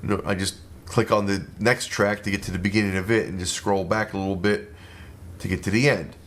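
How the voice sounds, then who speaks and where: Middle-aged musician guy, kinda low voice, laid back, lots of uhs and restarts, casual studio walkthrough. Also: a little fast, slight background noise. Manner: relaxed, rambling with many fillers and restarts.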